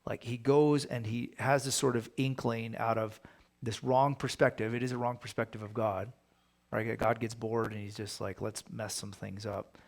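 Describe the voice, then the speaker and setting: Man, pastor, gravelly voice, casual Bible study talk, conversational, rhetorical questions. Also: mid-range voice, fairly even intonation, normal speed.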